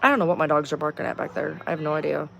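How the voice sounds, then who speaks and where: A woman's voice: low voice, rapid-fire, vocal fry, a little hiss or hum. A woman hosting a casual livestream from home, rambling, swearing freely and sounding exasperated. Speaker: livestream host.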